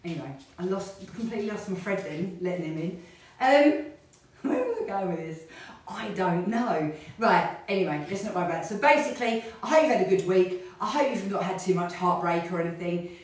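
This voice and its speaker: A middle-aged woman, a fitness instructor, talks briskly and ramblingly as she hula hoops, keeping the chat going through the exercise. Her slightly low voice echoes strongly around the studio and is captured from a distance.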